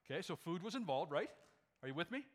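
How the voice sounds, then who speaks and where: A man's voice: on the high side, big pitch swings, fast. A male pastor preaching a sermon with emphasis, firing rhetorical questions at his congregation.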